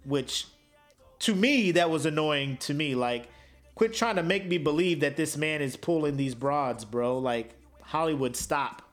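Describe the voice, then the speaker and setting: A man co-hosting a podcast in casual banter, slangy and animated, laughing often. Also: a little high, unhurried, faint music behind. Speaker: podcast co-host.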